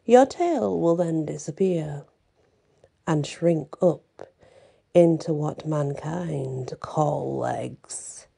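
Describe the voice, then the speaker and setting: A woman's voice: low voice, very slow, gravelly, dark tone, husky, heavily acted. A woman voicing a scheming old sea witch, menacing and partly whispered.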